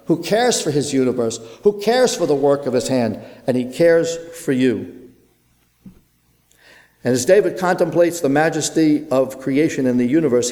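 A man preaching an earnest sermon in a church, with rhythmic phrasing and dramatic pauses. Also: on the high side, darkish tone. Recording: long hall reverb.

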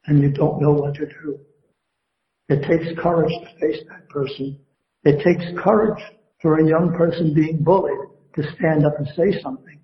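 A male pastor preaches a sermon with a voice a little higher than most men's. He builds his emphasis and puts questions to the congregation. The sound is roomy and a bit muffled, as if recorded in a church sanctuary. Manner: preaching with rising emphasis and call-and-response questions.

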